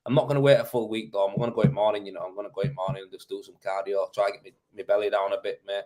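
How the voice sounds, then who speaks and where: A man's voice: fairly low pitch, steady tone, dark tone. A young man hosting a live stream, talking casually and joking about himself. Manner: chatty, jokey, quick-talking. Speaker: livestream host.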